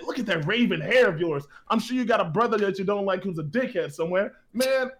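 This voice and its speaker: Casting: man doing a pushy, smooth-talking hustler bard, high and brash. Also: lightly acted. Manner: rapid, brash sales patter.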